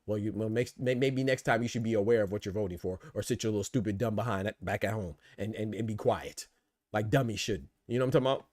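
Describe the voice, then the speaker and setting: A man hosting a podcast, riffing in casual, animated commentary full of rhetorical asides and swearing. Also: lowish voice, fast talker, no echo. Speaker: podcast host. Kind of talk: casual boxing and politics commentary.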